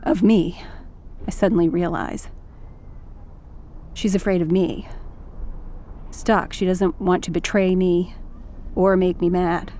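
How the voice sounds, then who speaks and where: A woman's voice: fairly low pitch, steady tone, slow pace, long pauses, dark tone, a little hiss or hum. A woman narrating a first-person story in a wry, intimate way with flashes of anger.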